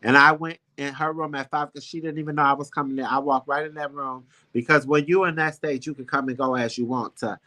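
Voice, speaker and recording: Man with a bright, tense voice. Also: on the high side, fairly even intonation, quick pace, few pauses. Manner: heartfelt, emphatic, rambling. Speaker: show host. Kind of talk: casual chat, personal storytelling.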